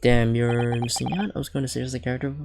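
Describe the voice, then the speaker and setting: A man's voice: medium pitch, flat delivery, quick pace, vocal fry, noisy background. A young man streaming a video game live, talking casually in a rambling way with many fillers and self-corrections.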